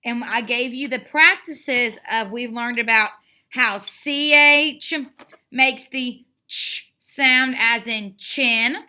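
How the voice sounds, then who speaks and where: A woman leads a phonics lesson for children in a bright, sharp, high voice. She speaks very slowly, stretching each letter sound and repeating words with steady encouragement. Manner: slow, drawn-out sounding out of letters; encouraging and repetitive. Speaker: phonics teacher.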